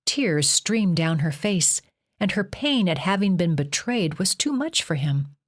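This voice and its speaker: Woman reading an audiobook, lowish voice, takes her time. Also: sing-song. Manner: slow, measured reading. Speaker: audiobook narrator. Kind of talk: scripted narration.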